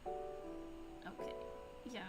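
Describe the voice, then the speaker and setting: A woman's voice: very slow, loud music behind the voice. A woman streaming a video game, making sleepy, amused, casual comments while yawning.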